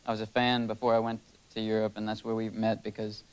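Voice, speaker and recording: A man's voice: fairly low pitch, monotone, quick pace, clean tone, low-quality recording. A man paying a brief, modest, friendly tribute as a studio guest.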